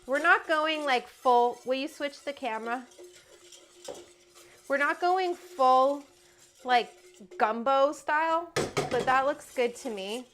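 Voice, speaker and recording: A woman's voice: sits high, slow pace, long pauses, a bit bright, a little hiss or hum. A woman from Alberta, Canada, hosting a casual cooking livestream in her home kitchen, chatty and rambling with casual swearing. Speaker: cooking show host.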